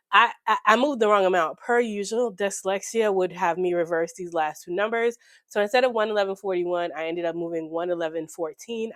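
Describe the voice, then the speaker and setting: A slightly hoarse woman, chatting excitedly with viewers while walking through her budget at home. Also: mid-range voice, dry recording, studio quality. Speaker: budgeting YouTuber. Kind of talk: casual chat while budgeting. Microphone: desk microphone.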